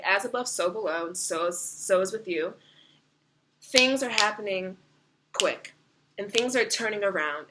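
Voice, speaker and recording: Bright-voiced woman giving a tarot reading. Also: mid-range voice. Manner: animated, swears freely, laughs often. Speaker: tarot reader.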